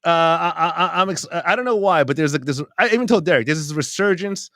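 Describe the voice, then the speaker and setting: A man's voice: on the high side, fast talker, no echo, clean studio sound. A man, a comedian and podcast host, in casual banter, swearing often and laughing through his stories. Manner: swearing, laughing, animated storytelling.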